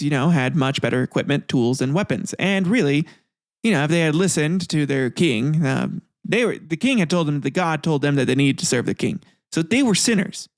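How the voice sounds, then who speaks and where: A man's voice: on the high side, no echo, studio quality. Irreverent man narrating history. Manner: irreverent, profane asides. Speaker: podcast host.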